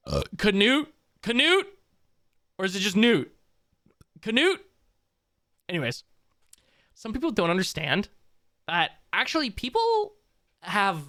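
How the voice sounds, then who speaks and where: A man's voice: high voice, pushed and bright, no echo, studio quality. A man live-streaming, rambling and swearing as he reacts to a clip and talks to his chat. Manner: rambling, profane, jumps between clip and chat. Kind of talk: casual live-stream commentary.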